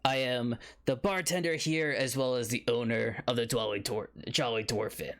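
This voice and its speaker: A man voicing an elderly, gruff male dwarf innkeeper in a tabletop game, jumping high in pitch as he hurries to please. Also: fairly even intonation, moderate pace, fairly bright tone, natural voice. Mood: nervous. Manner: gruff, grumbling. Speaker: bartender and inn owner.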